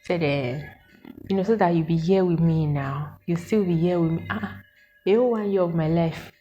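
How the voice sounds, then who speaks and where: A Nigerian woman in her twenties, telling a story to her viewers in an animated, exasperated way and asking them questions. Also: on the low side, normal speed, lo-fi sound, slight background noise. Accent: Nigerian English with Pidgin words. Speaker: vlogger. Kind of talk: casual storytelling to camera.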